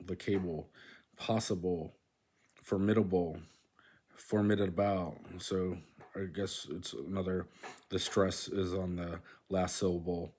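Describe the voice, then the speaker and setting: A man's voice: deep voice, darkish tone. A man hosting a language-learning channel, reading from a textbook in a casual, hesitant way, with many "um"s and repeated practice words. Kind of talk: casual self-study walkthrough, reading aloud from a book.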